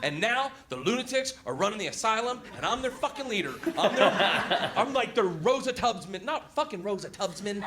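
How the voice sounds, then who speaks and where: A young man telling a crude stand-up story, excitable and laughing through his lines. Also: high-pitched, normal speed, few pauses, crowd noise. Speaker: stand-up comedian. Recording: heavy noise in recording.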